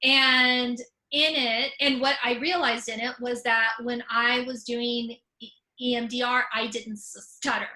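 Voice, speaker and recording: A woman talks over a video call in a relaxed, frank way, often catching on the first sound of a word before pushing through. Her voice is bright and forceful and sits a little high, with humor running through her delivery. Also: measured pace, rough recording. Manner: stutters, repeating first sounds. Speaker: author and comedian. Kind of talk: conversational talk.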